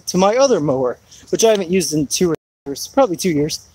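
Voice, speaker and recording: A man's voice: high voice, expressive, fairly quick, darkish tone, slightly rough, poor audio. A man rambling through a laid-back live chat outdoors in his rainy backyard, full of fillers. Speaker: homesteading vlogger.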